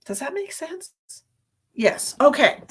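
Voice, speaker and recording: A woman's voice: high voice, big pitch swings, takes it slowly, a bit bright. A woman psychic medium giving a live-streamed reading, chatty and sleepy, thinking aloud with many fillers. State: sleepy, yawning.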